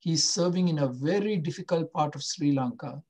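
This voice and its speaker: A male pastor preaching a sermon, slow and emphatic, often asking the listeners questions. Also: a little high, darkish tone, slightly rough.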